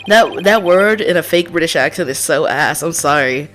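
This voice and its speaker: Excitable streamer over game music. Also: mid-range voice, moderate pace, few pauses. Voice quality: excitable, swears freely. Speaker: livestreamer playing a game. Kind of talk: casual playthrough commentary. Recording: game music playing behind.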